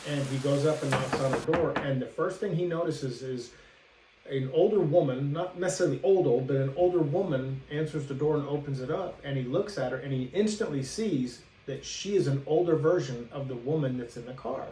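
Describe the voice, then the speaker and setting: A man's voice: mid-range voice, fairly quick, dark tone, far from the mic. Man telling a story in a roomy echo. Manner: rambling, acts out the characters' lines. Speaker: podcast co-host. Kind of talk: casual storytelling chat. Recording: roomy echo, away from the mic, faint hiss.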